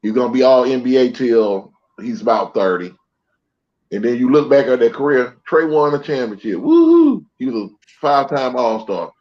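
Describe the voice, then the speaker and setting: A man's voice: mid-range voice, normal speed, a little mellow, lo-fi sound. A man co-hosting a sports talk show, giving blunt, joking takes in long run-on stretches. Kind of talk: casual sports debate.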